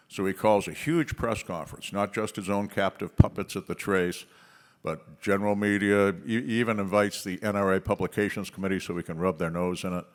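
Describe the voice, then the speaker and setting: A man with a fairly low voice speaks from the stage of a policy conference. He tells stories with punchy emphasis, slowing down on key words and pausing between phrases.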